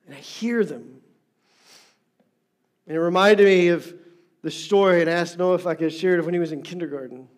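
A middle-aged man preaches with a voice set a little high for a man. He leans hard into repeated phrases for emphasis. His delivery swings between loud, stressed lines and hushed, near-whispered ones. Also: brisk, long pauses. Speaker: pastor. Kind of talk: sermon.

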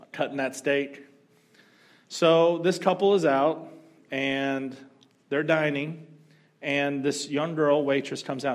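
Man preaching a storytelling sermon. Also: mid-range voice. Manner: storytelling, animated, humorous asides. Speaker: pastor.

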